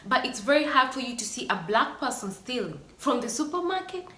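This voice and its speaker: An earnest, emotional woman vlogging straight to her viewers, with sighs between her thoughts. Her voice is bright and forceful and rings in an echoey room. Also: high-pitched, very animated, a little fast. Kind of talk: personal vlog monologue.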